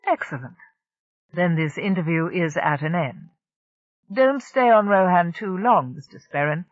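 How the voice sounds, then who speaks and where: A smooth, cool crime-family boss's enforcer, as an audiobook reader voices him, measured and quietly menacing. He sounds close and dry, with a slightly dull, lo-fi tone. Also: mid-range voice, expressive, no echo, lightly acted. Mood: cool menace.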